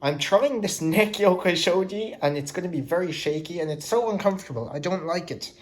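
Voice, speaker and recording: A man's voice: high-pitched, a little fast. A young man talking casually to the camera in a vlog, hyper and jokey, rambling from one thing to the next. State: out of breath. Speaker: vlogger.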